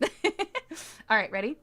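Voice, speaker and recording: A woman streamer chatting casually with her audience, laughing easily and reacting to comments. Her voice sits high and sounds bright and forceful. She talks in a loose, playful way. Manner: giggly, chatty, answers viewers' comments. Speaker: livestreamer. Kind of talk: casual livestream chat.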